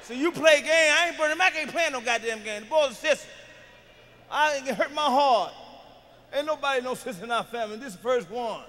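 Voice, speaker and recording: A man performing a profane stand-up comedy routine, shouting and ranting through his stories. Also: very high voice, fairly quick. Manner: profane, shouting, fired-up storytelling. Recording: live hall reverb, faint background noise.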